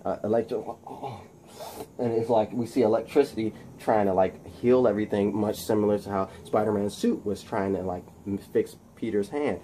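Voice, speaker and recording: A man casually retelling a movie fight scene, animated and shouting sound effects, with many fillers. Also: lowish voice, brisk, few pauses, slight background noise. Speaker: video host recapping a film.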